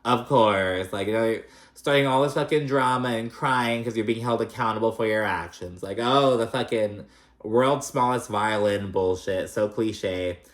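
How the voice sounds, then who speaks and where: A man's voice: on the low side, normal speed. A man giving a casual, gossipy reality TV recap, chatty and profane with plenty of fillers. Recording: roomy echo.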